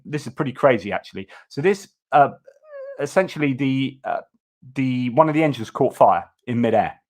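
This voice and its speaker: A man runs a news livestream, talking through updates off the cuff. His delivery is chatty and loose, full of ums and quick restarts, with a voice of ordinary middle pitch. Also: darkish tone. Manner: chatty and informal, frequent fillers and restarts. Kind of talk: casual news commentary.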